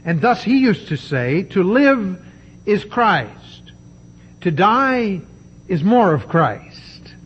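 A man preaching a sermon, emphatic and deliberate, with dramatic pauses. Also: high-pitched, big pitch swings, a bit bright, slightly rough, lo-fi sound.

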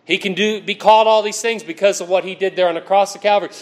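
A man's voice: sits high, steady tone, fast. A man preaching a sermon as pastor, folksy and emphatic, joking with the congregation. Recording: echoey room, mic at a distance.

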